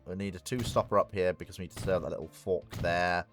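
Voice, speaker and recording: A man with a low-pitched, steady voice comments quickly and casually while playing a strategy game on a live stream, with soft music in the background. He rambles in a self-mocking way, addressing himself and the game.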